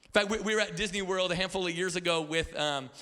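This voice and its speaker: A man's voice: sits high, fast. A man in his thirties preaching as a pastor in a church, telling stories with playful asides and stammered repeats. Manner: animated storytelling with playful asides. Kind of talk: sermon. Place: church auditorium.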